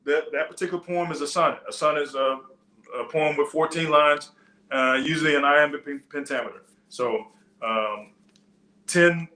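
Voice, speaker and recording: A man's voice: a little high, normal speed, bright, forceful tone, reverberant. A man preaching a sermon in a loose, conversational teaching style, with frequent restarts and side stories. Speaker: pastor. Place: church.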